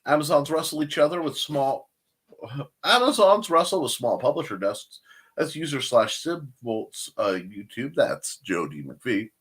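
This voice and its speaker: Lively rambling man hosting a chat show. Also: medium pitch, measured pace, slightly rough. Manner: rambling, jokey asides and self-corrections. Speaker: show host. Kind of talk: casual live-stream chat, reading out plugs.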